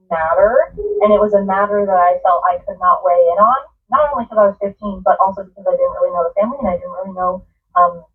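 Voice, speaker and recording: A woman tells a personal storytime in an earnest, emotional way. Her voice comes through thin and tinny, as if played back from across the room. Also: on the low side. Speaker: storyteller in reacted clip. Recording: tinny phone-like sound from a distance.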